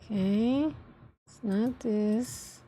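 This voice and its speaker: A woman VTuber streamer chatting casually with viewers, thinking aloud and giggling while she sets up her software. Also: fairly high pitch, very slow, a little hiss or hum. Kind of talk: casual livestream chat while setting up software.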